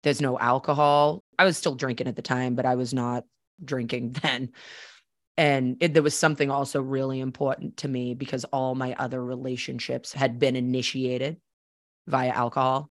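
A woman's voice: extremely low pitch, flat delivery, normal speed, dry recording. A woman from Boston, a podcast host, telling a personal story in a candid, chatty way and acting out the dialogue.

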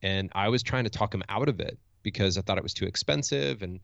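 Middle-aged male coach, low gravelly voice, reflective and earnest, dry lo-fi sound. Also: fast talker, fairly bright tone, no room sound. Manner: reflective, earnest, with frequent restarts. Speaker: motivational speaker and coach. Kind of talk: storytelling in conversation. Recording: dull lo-fi dry recording.

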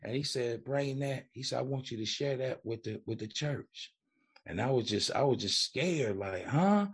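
In a husky, medium-pitched voice at normal speed, a middle-aged man who works as a recovery coach tells his story during a casual podcast interview. He speaks colloquially, acts out quoted voices, and keeps repeating "man" and "you know."

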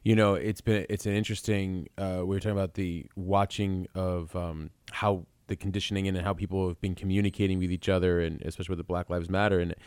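Low-voiced male host, reflective and rambling, dry sound. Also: flat delivery, fast talker, hardly any pauses, a little mellow, clean tone, dry recording. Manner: rambling, many fillers, reflective. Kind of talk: casual spiritual conversation.

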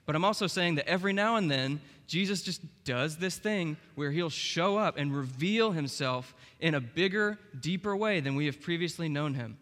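A man's voice: fairly high pitch, fairly bright tone. A young man preaching a sermon as pastor, in a casual, conversational way with frequent "like" and "okay". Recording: long reverb of a large hall.

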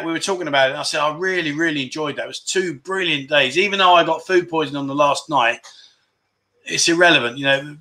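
A middle-aged man, talking on a relaxed livestream. His voice is bright and a little high, and his chat is upbeat and rambling. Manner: chatty, enthusiastic, repeats words for emphasis. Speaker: livestream host. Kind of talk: casual livestream chat reading viewer comments.

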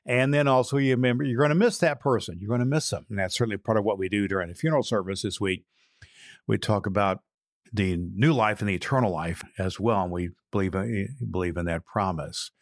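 A man's voice: lowish voice, fairly quick, no room sound, clean studio sound. A man in his sixties, a retired pastor, hosts a podcast and talks in an earnest, storytelling way with frequent restarts. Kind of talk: casual podcast monologue.

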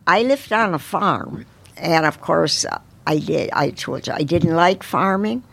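An older woman speaks in a gravelly voice as an interview guest. She tells her stories at an unhurried pace and often restarts her sentences. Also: fairly low pitch, animated, a bit bright. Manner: unhurried storytelling with frequent restarts. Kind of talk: casual interview reminiscence.

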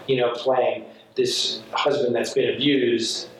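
A man's voice: medium pitch, slow, far from the mic. A man from New York, a working actor, chatting casually and telling stories full of acted-out quotes. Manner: rambling, animated storyteller, acts out quotes. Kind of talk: casual conversation. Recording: echoey room from off mic, faint ambience.

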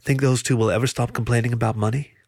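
A man voicing a wry female ferret mercenary who speaks quietly with a smirk, in a storybook reading. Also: medium pitch, steady tone, fast talker, creaky, no echo, clean studio sound.

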